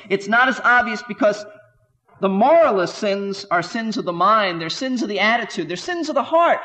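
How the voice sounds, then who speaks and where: A man's voice: high voice, fairly bright tone, long reverb tail. A man teaching through a Bible passage verse by verse, emphatic and full of rhetorical questions. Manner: emphatic, rhetorical questions, quotes scripture with rising voice.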